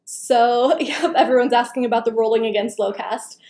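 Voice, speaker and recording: A woman hosts a casual live Q&A and chats with viewers by name. Her slightly high voice is going hoarse. It is recorded on a computer microphone in an echoey room. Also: steady tone, normal speed, a little mellow. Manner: chatty, greets viewers by name. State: losing her voice. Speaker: live stream host.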